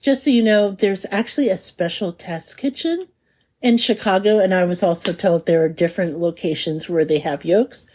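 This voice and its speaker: A woman's voice: fairly low pitch, moderate pace. Laughing woman podcast host. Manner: lively, laughs often, lingers on food descriptions. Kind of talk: casual chat.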